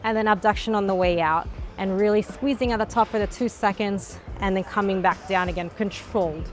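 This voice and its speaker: A woman's voice: medium pitch, fairly quick. A woman fitness vlogger talking casually through her workout, out of breath and full of "like" fillers. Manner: talkative, with many "like" fillers. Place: gym. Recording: faint background music.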